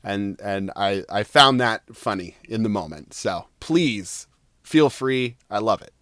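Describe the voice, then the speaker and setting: A man's voice: fairly low pitch, lively intonation, a little slow, fairly bright tone, dry recording, clean studio sound. A man acting as game master, chatting casually and enthusiastically with his players after a session, with lots of fillers. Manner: enthusiastic, rambling with many fillers.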